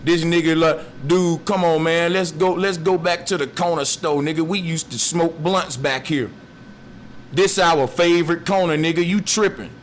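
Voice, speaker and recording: Man doing mocking rats in a maze, slangy street talk, scoffing, slightly raised pitch. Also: moderate pace, a little hiss or hum, close to an everyday voice. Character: dismissive street-talking male rats in a maze.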